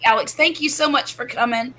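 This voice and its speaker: Lady in her 50s hosting a home livestream, bright chatty voice, laughs a lot. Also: fairly high pitch, fairly quick, a little hiss or hum, poor audio. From US Gulf Coast. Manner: chatty, laughs often, bubbly. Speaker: livestream host. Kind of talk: casual livestream chat.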